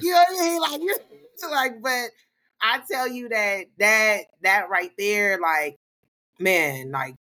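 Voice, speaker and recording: A woman on a casual podcast tells a story in a bright, forceful voice, laughing as she goes. She acts out what others said and swears freely in loose slang. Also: medium pitch, a little slow. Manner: animated, laughs often, acts out quoted voices; profane, slangy. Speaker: podcast co-host.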